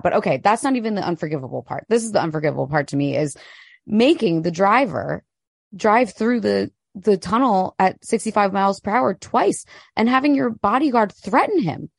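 A woman's voice: medium pitch, vocal fry, no room sound, studio quality. A young adult woman co-hosting a casual podcast chat, blunt and indignant, swearing freely. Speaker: podcast co-host.

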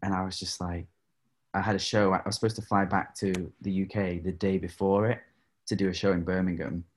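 Man, very low pitch, casual interview guest, chatty, lots of fillers. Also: brisk. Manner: animated, laughs often, many fillers. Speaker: guest singer.

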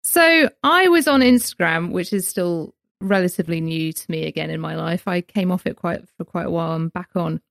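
A woman's voice: lowish voice, normal speed, vocal fry, few pauses, fairly bright tone, no echo. Woman in her thirties, chatty host, self-deprecating, close dry mic. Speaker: host and massage therapist. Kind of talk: casual interview chat.

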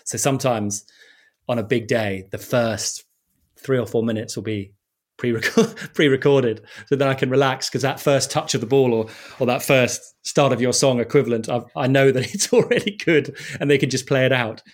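This is a middle-aged man who presents sport on television. He talks in a mid-range voice. He tells lively stories in conversation and laughs at himself along the way. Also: medium pitch, normal speed. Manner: animated anecdotes with self-deprecating laughs. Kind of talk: conversational interview storytelling.

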